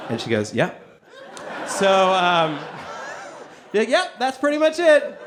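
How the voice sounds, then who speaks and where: A young man doing stand-up, telling a story on stage, animated, jumping between quoted voices and laughing through his lines. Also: high voice, unhurried, pauses often, background noise. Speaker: stand-up comedian. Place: comedy club stage with audience.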